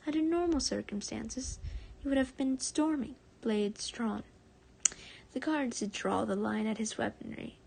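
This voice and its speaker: A woman streamer reading fan fiction aloud on a live stream, often soft and breathy, stumbling and correcting herself and chatting with viewers in between. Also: medium pitch.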